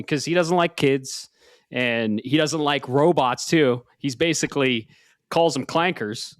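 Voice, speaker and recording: A man's voice: mid-range voice, measured pace, dry recording, studio quality. A man in his forties, a podcast host, chatting casually and laid-back, swearing often. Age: 40s. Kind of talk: casual chat.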